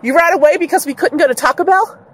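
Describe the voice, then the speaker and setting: A woman's voice: high voice, fast talker. A woman playing an exasperated mother in a comedy family skit, calling after her son outdoors.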